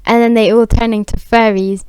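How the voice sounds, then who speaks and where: A woman's voice: a little high, flat delivery, moderate pace, darkish tone, slight background noise. A woman improvising a rambling story, full of fillers and restarts, on a close home mic. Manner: rambling, filler-heavy, giggly.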